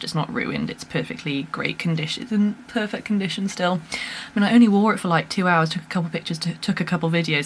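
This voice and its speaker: Woman vlogging at home, kinda low voice, chatty storytelling, faint room hiss behind. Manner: chatty, animated storytelling with laughs and fillers. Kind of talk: casual chat to camera.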